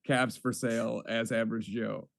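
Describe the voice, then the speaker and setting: A man's voice: mid-range voice, fairly even intonation, moderate pace, creaky. A man in his thirties hosting a casual chat, riffing with dry jokes. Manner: dry, joking riffs. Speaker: host.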